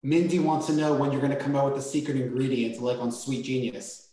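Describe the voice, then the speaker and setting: Moderator on a very echoey video call. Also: male voice, medium pitch, little pitch movement, a little fast, mellow. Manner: brief, relays viewer questions. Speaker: webinar moderator. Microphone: video call mic. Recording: very echoey room with faint noise.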